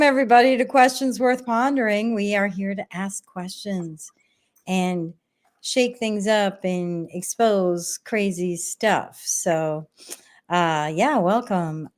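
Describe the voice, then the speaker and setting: Giggly, scattered woman livestream host. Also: mid-range voice. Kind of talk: casual livestream chat.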